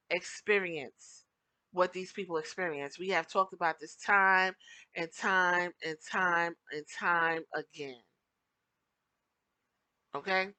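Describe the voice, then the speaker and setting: A woman hosting a podcast, giving blunt, animated commentary and slipping into mock voices to make her points. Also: lowish voice, dry recording, low-quality recording. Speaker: podcast host.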